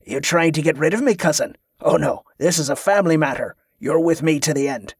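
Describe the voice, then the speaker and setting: A man's voice: on the high side, animated, brisk, breathy edge, dry recording, clean studio sound. A man playing a blunt, bullying male ringleader who growls orders with scorn. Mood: gruff commanding. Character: gruff bullying male schemer, a leader.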